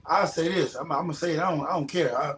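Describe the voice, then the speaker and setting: Quick-paced and fairly bright in tone, this man's higher voice belongs to a retired pro boxer being interviewed. The chat is casual, and he's blunt and emphatic, cursing frequently, in an echoey room.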